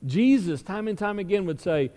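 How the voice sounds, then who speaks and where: A man's voice: high-pitched, lively intonation, moderate pace, dark tone. Male pastor preaching in a reverberant hall. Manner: conversational storytelling with rhetorical questions. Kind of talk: sermon. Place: church sanctuary.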